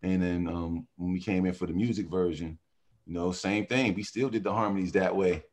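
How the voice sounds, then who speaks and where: A man who sings in a vocal group, telling animated stories in a casual interview and often laughing. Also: deep voice, moderate pace. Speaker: singer in a vocal group, guest.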